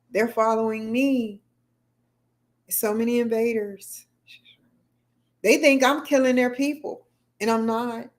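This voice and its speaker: A middle-aged woman chatting casually and rambling on a livestream, answering viewer comments as she goes. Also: mid-range voice. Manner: rambling, talks back to chat comments. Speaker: livestream host.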